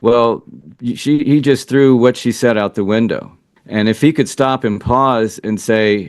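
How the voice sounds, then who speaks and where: A man's voice: mid-range voice, unhurried, no room sound, studio quality. A man who is a relationship coach for men, answering interview questions in an earnest, reflective way as he thinks aloud. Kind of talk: interview answers, casual advice.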